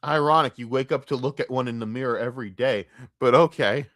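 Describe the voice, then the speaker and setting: A man on a live stream ranting about online drama in a crude, mocking, heated way, jumping between loud outbursts and low mutters. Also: brisk, dry recording, clean studio sound. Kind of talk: profane live-stream rant.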